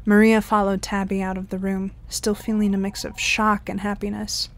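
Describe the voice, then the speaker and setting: A woman's voice: medium pitch, level tone, moderate pace. A woman narrating an audio story, reading the dialogue in lightly varied voices.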